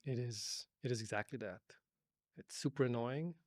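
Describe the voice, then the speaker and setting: A man co-hosting a casual tech podcast, telling animated stories full of quoted asides. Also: medium pitch, normal speed, no room sound, clean studio sound. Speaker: podcast co-host. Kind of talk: casual chat.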